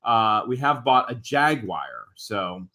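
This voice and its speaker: A man's voice: on the low side, sing-song, slow, pushed and bright. A man co-hosting a casual livestream, upbeat and playful as he hypes an announcement. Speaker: co-host of a livestream. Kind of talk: casual live-stream chat.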